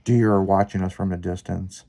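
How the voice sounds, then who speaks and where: A man hosting a podcast, telling a long story in casual, profanity-laced chat with lively, rambling delivery. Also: deep voice, moderate pace, gravelly. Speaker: podcast host.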